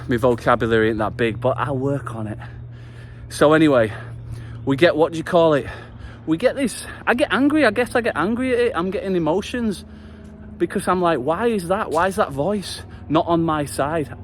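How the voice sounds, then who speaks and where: A man's voice: a little high, fairly bright tone, a little hiss or hum. A man talking straight after a workout, delivering an earnest motivational vlog message with passion and the odd swear word. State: just finished a workout. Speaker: vlogger.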